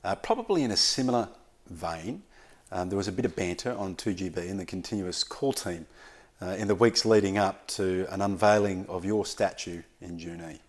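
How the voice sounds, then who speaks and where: A man's voice: low-pitched, normal speed, darkish tone. A man interviewing a guest, asking long, conversational and admiring questions.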